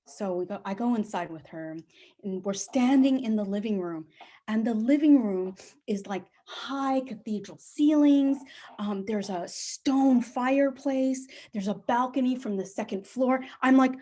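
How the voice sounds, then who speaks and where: A middle-aged woman telling a personal story on a live stage, animated and acting out the people she quotes. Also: moderate pace. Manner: animated, acts out quoted voices with big pitch jumps.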